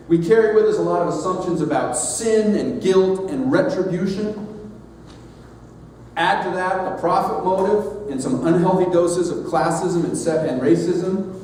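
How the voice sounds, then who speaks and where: A man's voice: fairly high pitch, a little mellow, a little hiss or hum. Earnest man speaking in an echoey hall. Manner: measured, earnest, with emphatic pauses. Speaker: society leader giving a platform address. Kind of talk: sermon-style address. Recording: echoey hall, mic at a distance.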